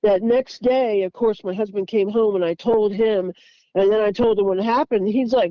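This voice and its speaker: A woman, telling her own story in a casual, halting way, with frequent restarts. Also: mid-range voice, dry recording, muffled recording. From Tennessee. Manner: halting, repeats words, restarts sentences.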